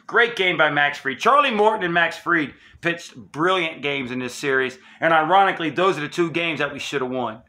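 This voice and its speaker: A man's voice: a little high, sharp tone. A man hosting his own sports channel, delivering a heated, emphatic, profane fan rant.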